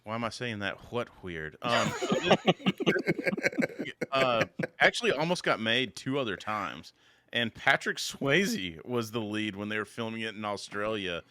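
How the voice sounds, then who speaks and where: A man's voice: fairly low pitch, animated, a little slow, sharp tone. A man hosting a podcast in a loose, joking, casual chat. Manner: laid-back, loose and joking. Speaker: podcast host.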